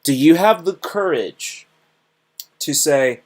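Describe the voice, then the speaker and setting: A man hosting a casual self-improvement livestream at an ordinary middle pitch. He rambles and repeats himself, restarting sentences and slipping into short acted-out exchanges. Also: sing-song, measured pace. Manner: rambling and repetitive, acts out dialogues. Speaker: host.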